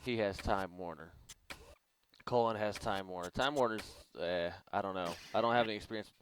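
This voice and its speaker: A man's voice: on the low side, clean tone. A man hosting a gaming channel, giving casual, rambling gameplay commentary and laughing a lot.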